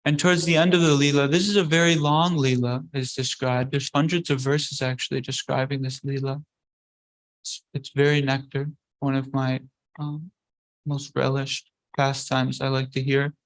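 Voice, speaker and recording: A man teaching a scripture class, telling the story in a conversational, halting way. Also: medium pitch, poor audio. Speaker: religious teacher.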